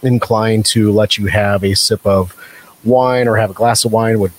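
A man co-hosting a casual podcast, chatty and quick to laugh in friendly banter. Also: on the low side, fairly even intonation. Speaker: podcast co-host. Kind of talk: casual chat.

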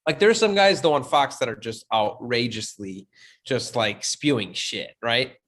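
A man's voice: medium pitch, animated, measured pace, a bit bright. A man co-hosting a podcast, bantering casually with laughs and slang. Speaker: podcast co-host. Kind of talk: casual chat.

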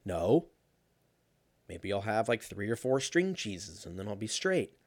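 A young man telling a casual story in a sarcastic, profane, animated way. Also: fairly low pitch, unhurried, no room sound.

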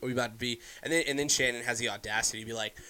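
A man's voice: mid-range voice, fairly even intonation, racing, pushed and bright. A young man hosting a podcast, ranting casually and heatedly, swearing constantly and often restarting his sentences. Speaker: podcast host. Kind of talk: casual solo podcast rant.

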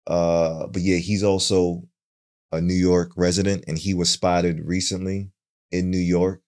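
Low-voiced young guy on a podcast, easygoing, lots of ums. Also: flat delivery, measured pace, darkish tone, clear, resonant tone. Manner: laid-back, many fillers and restarts. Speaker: podcast co-host. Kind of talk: casual podcast chat.

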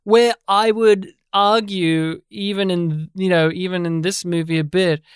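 A podcast co-host chatting casually about films, animated and jokey, with a habit of slipping into mock impressions. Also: medium pitch, unhurried, clear, resonant tone, dry recording, clean studio sound. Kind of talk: casual chat.

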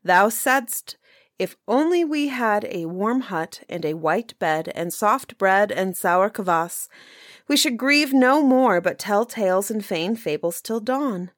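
A woman's voice: mid-range voice, animated, takes it slowly, no echo, clean studio sound. A woman reading the lines of a loyal male huntsman servant in earnest, formal old-fashioned speech.

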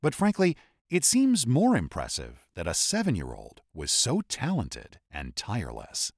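A man's voice: medium pitch, huge pitch swings, unhurried, slightly rough, no echo, studio quality. A man narrating a history podcast in a scripted, explanatory storytelling manner.

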